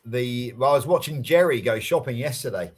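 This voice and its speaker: A man's voice: mid-range voice, lively intonation, a little fast, breathy edge. A man with an English West Country accent, chatting casually on a live stream, rambling along with lots of restarts and fillers. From England. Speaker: guest on a live crochet chat. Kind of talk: casual chat.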